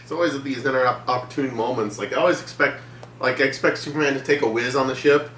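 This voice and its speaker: A man's voice: mid-range voice, fast, a bit bright, echoey room, slight background noise. A man chatting casually, joking in a dry way. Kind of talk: casual chat.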